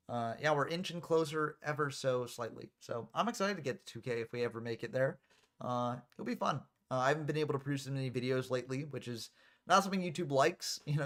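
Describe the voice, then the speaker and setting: A man's voice: fairly high pitch, fairly bright tone. A man casually calling a card game match play by play as channel host, drifting into chatty asides.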